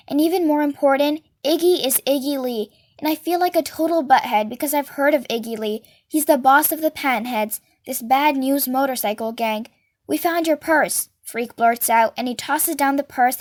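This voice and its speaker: Casting: high-pitched woman, storybook reader, does all the voices. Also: a little mellow. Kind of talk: reading a novel aloud.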